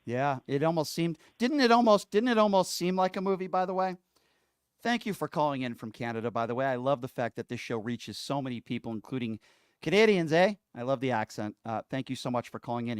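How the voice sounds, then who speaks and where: A man's voice: mid-range voice, fast, clean tone, no echo, studio quality. A man hosting a call-in radio show, taking calls and arguing sarcastically with a prank caller.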